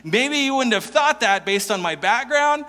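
A man voicing a surprised Samaritan woman at a well, speaking quickly and in disbelief in the first person. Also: very high-pitched, lively intonation, pushed and bright, pitched above the performer's own voice, heavily acted. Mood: eager. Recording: long hall reverb.

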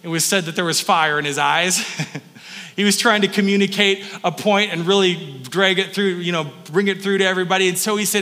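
A man preaching a conversational sermon as a pastor, teaching in a relaxed way and often restarting his sentences. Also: high voice, a little fast. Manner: casual teaching tone with frequent restarts. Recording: long hall reverb.

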